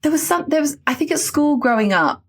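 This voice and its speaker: A woman's voice: sits high, a little fast. A woman from the south of England with an English accent, a broadcaster chatting as a podcast guest and laughing through her stories. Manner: animated, laughing, does lively voices in anecdotes. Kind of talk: casual podcast chat.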